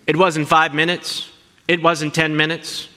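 A man preaching a sermon, animated and asking his listeners questions as he teaches. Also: a little high, a little slow, in a large hall. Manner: animated, asks the congregation questions. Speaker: pastor.

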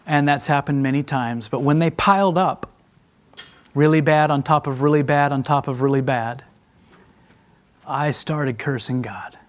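A middle-aged man preaching a sermon as a traveling preacher, emotional and confessional, swinging between hushed and raised delivery and addressing the congregation as friends. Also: medium pitch, unhurried, pauses often.

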